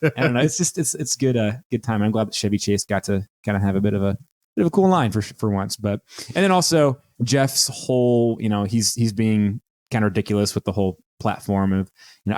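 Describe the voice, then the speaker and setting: A man's voice: fairly low pitch, a little fast, dry recording, studio quality. A man co-hosting a podcast, rambling through an episode recap with lots of fillers and playful quotes. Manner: rambling, many fillers, acts out quotes in animated voices. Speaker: podcast co-host. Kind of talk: casual chat recapping a TV episode.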